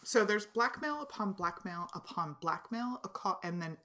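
A woman's voice: mid-range voice, expressive, normal speed, sharp tone. A woman co-hosting a podcast, giving wry, amused commentary on a TV episode. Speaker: podcast co-host. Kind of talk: casual chat recapping a TV episode.

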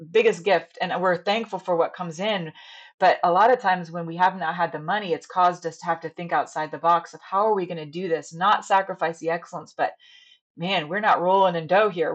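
A woman's voice: on the low side, muffled recording. A woman in her thirties, a stage director and actress, talking in a chatty, earnest way during a casual podcast interview.

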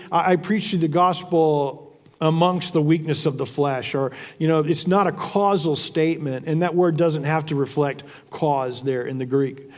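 A high-voiced preacher teaches from the Bible in a relaxed, conversational way, thinking aloud as he goes. Earnest, he often repeats a word or restarts a phrase, and a long hall reverb trails behind his words.

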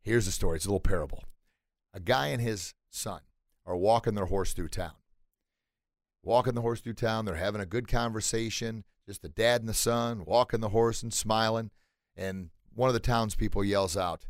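A man delivering a motivational podcast monologue, speaking emphatically and animatedly straight to his listeners. His voice is mid-pitched and recorded on a close mic in a dry room. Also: moderate pace, no room sound. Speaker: podcast host.

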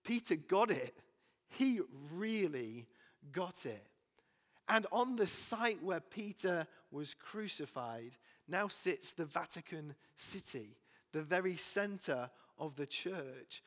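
A man preaching a sermon as pastor, reading scripture with pauses and adding personal asides. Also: on the high side, fairly bright tone, long reverb tail.

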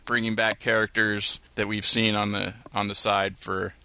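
A man's voice: on the low side, flat delivery, moderate pace, sharp tone, clean tone, dry recording. A man co-hosting a TV podcast in casual chat, rambling with lots of fillers. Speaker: podcast co-host.

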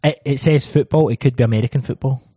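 A man's voice: medium pitch, steady tone, fast, dark tone, breathy edge, dry recording. Chatty laughing man hosting a podcast. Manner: chatty, laughs often, leads the segments. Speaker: podcast host. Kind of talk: casual panel chat.

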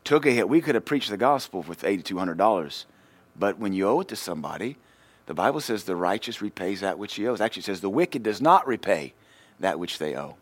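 A male pastor, preaching a sermon and telling a personal story in a lively way, swinging between loud and quiet. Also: fairly low pitch, fairly quick.

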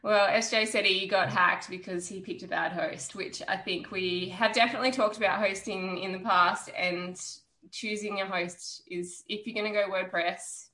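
A woman's voice: medium pitch, steady tone, moderate pace, sharp tone, reverberant, poor audio. A woman co-hosting a podcast in casual chat who laughs easily and asks follow-up questions. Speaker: podcast co-host.

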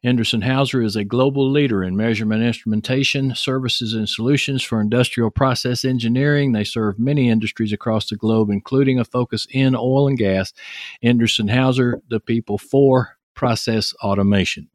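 A man's voice: medium pitch, fairly even intonation, brisk, no echo, studio quality. A man with a Texan accent hosting a podcast interview, talking in a chatty, joking way with rambling asides, from his home office. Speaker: podcast host. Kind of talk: casual interview chat. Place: home office in an upstairs bedroom.

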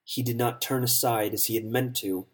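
A man narrating an audiobook story in a measured, solemn way. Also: medium pitch, steady tone, slightly rough.

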